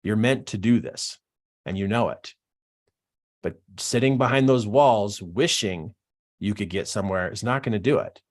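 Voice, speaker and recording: A man's voice: on the low side, normal speed. A middle-aged man, a business coach, talking in a live-streamed Q&A, emphatic and fond of repeating phrases for effect.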